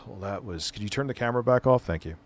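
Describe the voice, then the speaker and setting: A man's voice: medium pitch, animated, a little fast, slight background noise. A middle-aged man hosting a live stream, reacting to a clip with casual, mocking, profane commentary.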